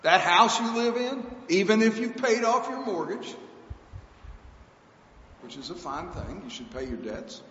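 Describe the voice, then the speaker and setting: Earnest preacher in an echoey hall. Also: male voice, high voice, lively intonation, unhurried, pauses often, a bit bright. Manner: earnest, emphatic, conversational preaching with repetitions. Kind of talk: sermon. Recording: echoey hall, dull lo-fi sound, faint hiss.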